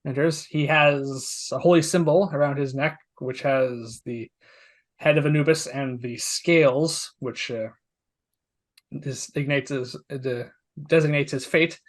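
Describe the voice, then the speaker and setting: A man's voice: medium pitch, fairly even intonation, unhurried. A man narrating a tabletop game as game master, often rambling and restarting his sentences. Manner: rambling, with many restarts and hedging words.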